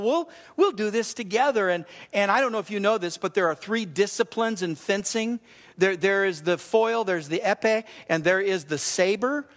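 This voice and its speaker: Animated high-voiced male preacher in a hall. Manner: storytelling, animated, emphatic preaching. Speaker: pastor. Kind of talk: sermon.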